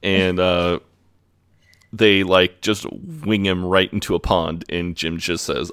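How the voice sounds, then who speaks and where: Give me a relaxed man with a deep, clear voice, chatting through a TV episode. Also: slow pace, no room sound, clean studio sound. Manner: relaxed retelling, quoting characters in plain voice. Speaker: podcast co-host. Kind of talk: casual podcast recap.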